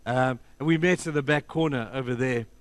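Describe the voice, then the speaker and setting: A middle-aged man preaches as a pastor, telling stories emphatically and swinging between loud stretches and hushed ones. He speaks at a fairly quick pace with medium pitch, and the recording is dry.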